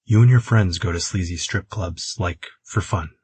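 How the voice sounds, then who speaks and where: A man voicing an earnest young man, blustering but unsure of himself, in a plain husky voice. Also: deep voice, moderate pace, darkish tone, no room sound. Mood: subdued.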